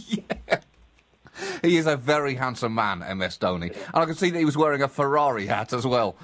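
A man co-hosting a comedy podcast, teasing his partner with animated, mock-outraged emphasis. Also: medium pitch, normal speed. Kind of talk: comic banter.

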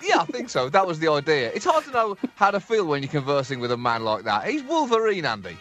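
A man co-hosting a comic podcast, joking in a self-deprecating, animated way. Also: on the high side, fast, faint music behind. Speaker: podcast co-host.

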